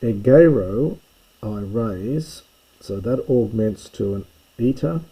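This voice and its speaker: Husky, dark-voiced man teaching Greek. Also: fairly low pitch, lively intonation, takes it slowly, rough recording. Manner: methodical, explaining forms step by step. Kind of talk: recorded lecture.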